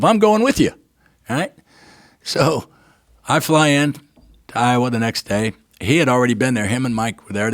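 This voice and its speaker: An older man with a lowish voice, a guest on a talk show, relates a personal story with emotion. Lively in his narration, he acts out others' words and keeps asking "right?". The sound is studio quality with no room sound.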